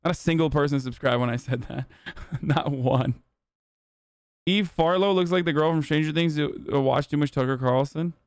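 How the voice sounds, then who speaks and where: A young man of Turkish origin, hosting a live stream with profane, animated ranting commentary. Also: a little high, normal speed, clear, resonant tone, dry recording. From Turkey.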